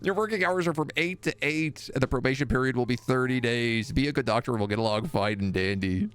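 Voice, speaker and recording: A man's voice: mid-range voice, quick pace, fairly bright tone, clean tone, close to an everyday voice. A man voicing a stern, bossy owl landlord in a game, reading the lines in a raised mock-stern tone.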